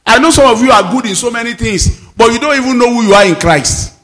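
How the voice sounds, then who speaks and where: A man, a pastor preaching a sermon with sudden shouts and low, emphatic drops. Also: animated, quick pace.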